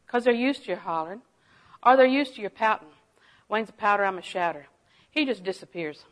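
A middle-aged woman delivers a folksy sermon full of personal stories. She talks in an animated way, laughing often and dropping her voice to a hush for asides. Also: medium pitch, a little fast, low-quality recording. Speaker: preacher.

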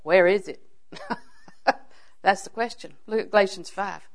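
A woman's voice: mid-range voice, measured pace. A woman preacher giving a sermon in a chatty storytelling way, asking her listeners questions and often laughing. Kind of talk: sermon with humorous anecdotes.

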